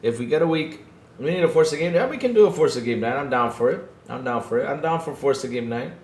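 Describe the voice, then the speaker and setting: Fast and lively in intonation, this man's mid-range voice has a darkish tone. He hosts a casual gaming podcast from an echoey room, relaxed and chuckling, often repeating himself and adding "though" to his lines.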